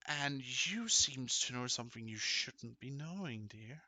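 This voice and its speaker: A man voicing a calm, sinister male interrogator who talks to his captive in a soft, patronizing way. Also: medium pitch, a little slow, dry recording, full character voice. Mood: menacing.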